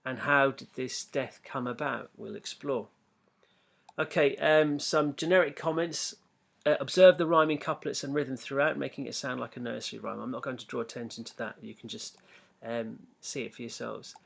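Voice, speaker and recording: A man teaching an exam-focused poetry lesson, explaining in a measured, methodical way with fillers and restarts, and reading poem lines slowly. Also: medium pitch, steady tone, gravelly. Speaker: English literature teacher.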